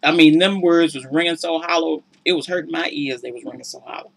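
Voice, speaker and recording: A woman's voice: deep voice, fairly even intonation, fast talker, gravelly, husky. A woman giving casual, sassy and preachy commentary on a reality show, exasperated with the people in it. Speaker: relationship commentator.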